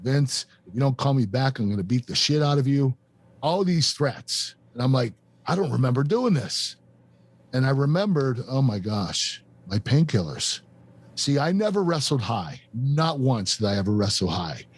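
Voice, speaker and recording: A man in his fifties hosts a podcast and recounts a painful chapter of his life. He speaks earnestly and haltingly, circling back with fillers and restarts. His voice sits at an ordinary middle pitch. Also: sing-song, slightly rough, no echo. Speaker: podcast host and former wrestler. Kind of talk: emotional personal storytelling.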